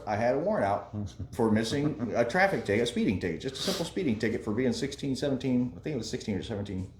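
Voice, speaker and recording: A man's voice: medium pitch, darkish tone, echoey room. A man in his forties from Kentucky telling a long story in a rambling, chatty way, with fillers. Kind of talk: casual storytelling.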